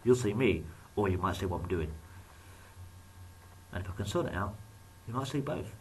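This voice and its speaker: A man's voice: lowish voice, lively intonation, normal speed, far from the mic, slight background noise, low-quality recording. A man talking casually to his viewers, rambling and joking at his own expense. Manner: rambling, joking, self-deprecating. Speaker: YouTuber. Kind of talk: casual vlog monologue.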